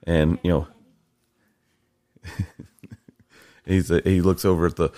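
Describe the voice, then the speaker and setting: A man's voice: low voice, takes it slowly, no room sound, clean studio sound. A man hosting a casual podcast with his father, telling stories with laughter and teasing. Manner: animated, laughing, teasing storyteller. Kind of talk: casual chat.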